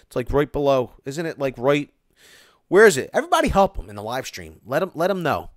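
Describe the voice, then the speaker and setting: A man hosting a casual live stream, reading viewer comments aloud and ranting about them in an animated way. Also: on the high side, a little fast, no room sound, studio quality.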